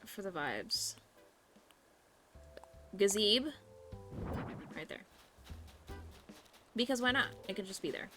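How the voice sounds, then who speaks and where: A woman's voice: medium pitch, expressive, slow pace, long pauses, over music. A young woman streamer chatting casually and rambling while she plays a game. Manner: chatty, bubbly, slangy, rambling with fillers. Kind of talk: casual live-stream chat while gaming.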